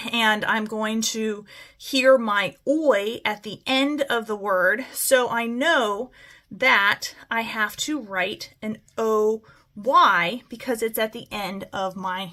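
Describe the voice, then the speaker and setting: A woman's voice: mid-range voice, fairly bright tone. A woman teacher giving a patient, step-by-step spelling lesson, often checking in with "okay?".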